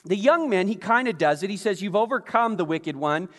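A man's voice: high voice, animated, brisk, long reverb tail. A male pastor preaching a conversational sermon, often putting questions to the congregation.

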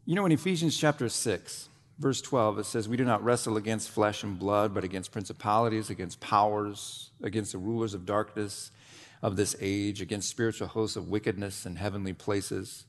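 A male pastor delivering a sermon with deliberate, dramatic pacing. He lets phrases hang and then sinks to a low, hushed tone. His voice rings out with a long reverb, as in a church sanctuary. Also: steady tone. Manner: dramatic preaching with long pauses and sudden drops to a low quiet voice.

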